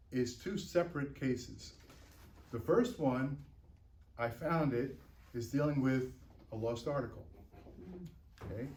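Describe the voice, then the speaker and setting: A man's voice: medium pitch, darkish tone. Man teaching in a roomy classroom. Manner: checks in often with "right?" and "okay?"; stumbles and repeats words while thinking aloud. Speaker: Talmud teacher. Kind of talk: explaining a text in a class. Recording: roomy, picked up from a distance.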